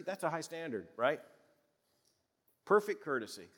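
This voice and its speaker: Folksy older preacher in a reverberant hall. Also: male voice, mid-range voice, sing-song, moderate pace, long pauses, a bit bright. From American South. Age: 60s. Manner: conversational, folksy, with restarts and chuckles. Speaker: pastor. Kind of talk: sermon.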